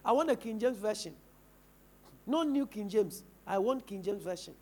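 A man's voice: sits high, animated, moderate pace, darkish tone. A man with a Ghanaian English accent preaching a sermon in church, firing rhetorical questions at the congregation. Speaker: pastor.

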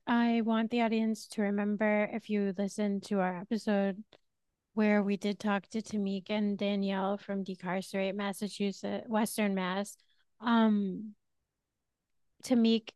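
A woman's voice: mid-range voice, a little mellow, clear, resonant tone, no room sound. A woman co-hosting a podcast, speaking in an earnest, concerned way in casual discussion. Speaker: podcast co-host. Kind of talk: casual chat.

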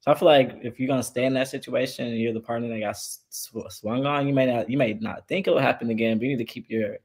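Man giving a measured opinion. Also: medium pitch, fairly even intonation, darkish tone, slightly rough. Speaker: podcast panelist. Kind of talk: casual chat.

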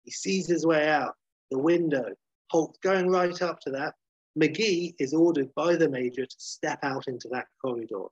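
A man retelling a story at length in a casual, lively way, swearing now and then and acting out the characters' lines. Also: a little high, normal speed, slightly rough, no echo. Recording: dull muffled lo-fi sound.

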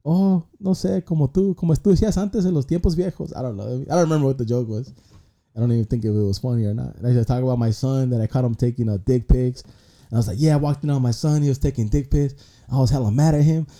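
A man's voice: medium pitch, fairly even intonation, fast, dark tone. A young man, a guest comedian rambling through stories in casual, slangy podcast chat. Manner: rambling storyteller, slangy, peppered with 'bro'.

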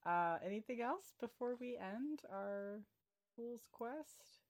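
A woman's voice: a little high, expressive, slow. A woman hosting a casual book-club podcast, upbeat and teasing, laughing easily with her co-hosts. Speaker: podcast host.

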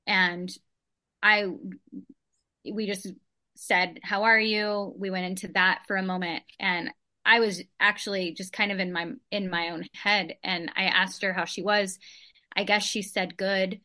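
A woman's voice: mid-range voice, little pitch movement, a little slow, sharp tone. A woman in a study group telling a personal story in an earnest, chatty way, full of "like"s.

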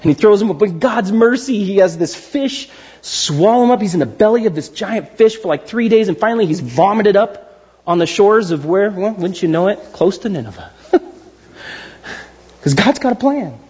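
A man preaching a casual sermon as an animated storyteller who acts out quotes and makes jokes, on a dull lo-fi recording. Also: high voice, moderate pace, slightly rough, long reverb tail. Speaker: pastor.

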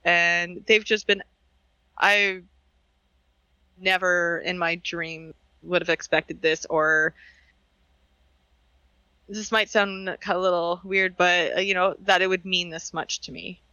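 A man's voice: sits high, little pitch movement, slow pace, long pauses, bright, forceful tone, smooth, no room sound, dull audio. A man on a podcast talking earnestly and sentimentally about the people he is grateful for. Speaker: podcast co-host. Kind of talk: heartfelt casual podcast chat.

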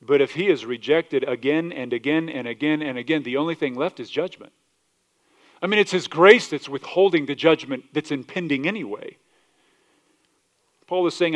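Speaking at normal speed, a passionate pastor delivers his sermon, his voice rising loud and then dropping low. He cites scripture, performs other people's voices, and puts questions to the congregation, saying "y'all" in a southern way.

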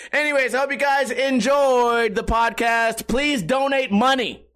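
A young man hosting a casual podcast, profane and animated, bursting into loud shouts. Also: extremely high pitch, unhurried, clear, resonant tone. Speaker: podcast host. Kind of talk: casual rambling chat. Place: at home.

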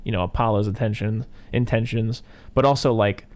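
A man's voice: lowish voice, fairly even intonation, fairly quick, a little mellow. A young man co-hosting a podcast, recapping a film in rambling casual chat, full of "like" and "you know". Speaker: podcast co-host.

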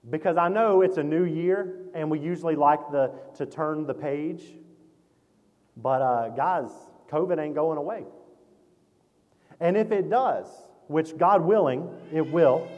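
Mississippi preacher guy, southern drawl, kinda high voice, folksy and punchy, big echoey church hall. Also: darkish tone. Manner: folksy, conversational preaching with emphatic builds. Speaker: guest pastor. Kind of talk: sermon. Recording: long hall reverb.

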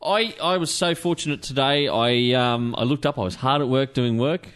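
A man's voice: medium pitch, normal speed, clean tone. An Australian man hosting a casual podcast, joking, laughing and telling stories among friends. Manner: laughing, joking, lively storytelling. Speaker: podcast host. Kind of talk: casual banter.

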